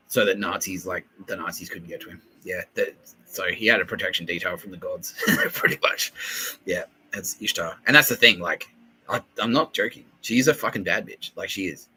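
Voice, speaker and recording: Profane, excitable man podcasting. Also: low-pitched, a little hiss or hum, low-quality recording. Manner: excitable, profane, laughing, acts out quoted voices. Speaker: podcast host. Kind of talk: rambling solo podcast monologue.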